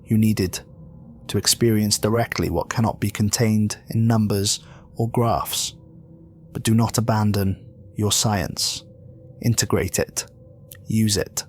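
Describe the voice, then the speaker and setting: A man voicing a calm, commanding archangel who speaks gently but with solemn, measured authority. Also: on the low side, slight background noise, natural voice. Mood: gentle.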